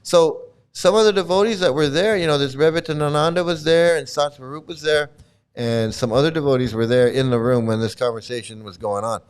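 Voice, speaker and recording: An older man offers casual solo commentary off the cuff, blunt and profane, circling back over his points with many restarts. His voice is fairly high, clear and resonant, and he speaks a little fast.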